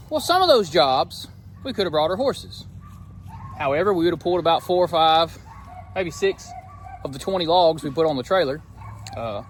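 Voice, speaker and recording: A man's voice: on the high side, slight background noise. Folksy man on a farm. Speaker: farm vlogger. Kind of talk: casual farm vlog with sponsor read. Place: outdoors on a farm, by a barn.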